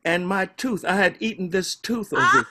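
An older man recalling the film shoot in a casual chat, telling stories in an animated way and repeating his words. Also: sits high, normal speed. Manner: animated storyteller, repeats words, many fillers. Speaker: former film cast member. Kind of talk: casual reminiscing on a video call.

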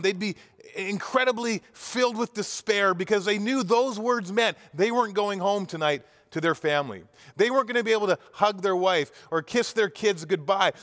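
A man's voice: high voice, fairly bright tone, in a large hall. A pastor telling a sermon story vividly, acting out the characters' cries and often restarting his words. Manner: vivid retelling with acted-out cries and frequent restarts. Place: church.

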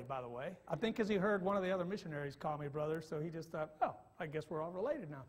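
High-pitched evangelist guy telling a story in church, voice jumps all over, loud then quiet. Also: quick pace, hardly any pauses. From Michigan. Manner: animated, swings from quiet asides to loud bursts. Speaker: evangelist preacher. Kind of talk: sermon storytelling.

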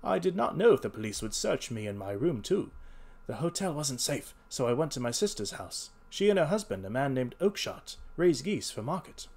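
A desperate young thief, trembling and begging for mercy, as a man reads him aloud. His voice rides up high and swings wildly with every plea. He sounds frantic and broken. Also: sing-song, normal speed, darkish tone. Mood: confessing. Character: frightened young male hotel thief, pleading. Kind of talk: read-aloud character voice.

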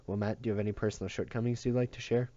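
A man voicing a cruel grown keeper who speaks in a thin, soft, wheedling tone. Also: lowish voice, fairly even intonation, very fast, highs cut off, natural voice. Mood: mock-gentle.

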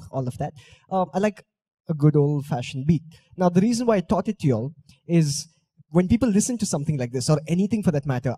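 A man's voice: fairly high pitch, warm tone, no room sound. A young man, talking on stage and playfully teasing and coaching his audience. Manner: playful, teasing, coaxing the crowd. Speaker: speaker on stage. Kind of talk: live talk with audience drills. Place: auditorium stage.

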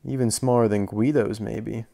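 A man's voice: on the low side, steady tone, moderate pace, creaky, dark tone. A young man casually reviewing a collectible toy car, chatty and rambling, enthusiastic about small details.

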